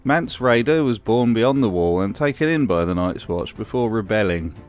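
A man's voice: on the low side, expressive, moderate pace, a little mellow, faint music behind. A man narrating a wry commentary voice-over in a dry, sardonic manner. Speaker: video narrator.

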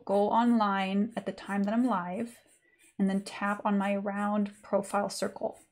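Chatty woman teaching a drawing lesson. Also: medium pitch. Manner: chatty, informal, many fillers. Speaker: art teacher. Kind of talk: live online drawing lesson.

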